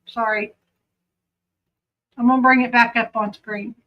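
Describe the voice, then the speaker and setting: Southern woman commentator, high voice, unhurried, dull lo-fi sound. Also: steady tone. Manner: chatty, self-interrupting. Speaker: true crime commentator. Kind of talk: casual commentary.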